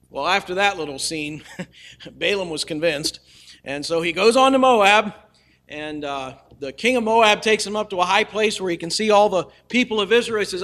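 A man's voice: high-pitched, normal speed, long pauses, fairly bright tone. A male preacher telling a scripture story in a folksy, humorous way, with casual asides to the listeners. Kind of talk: storytelling sermon.

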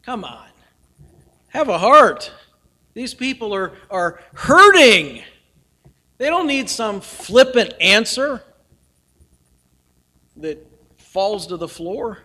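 A man preaching a sermon earnestly, swinging from loud emphasis down to near-whispers. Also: sits high, big pitch swings, slow pace, long pauses. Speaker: pastor.

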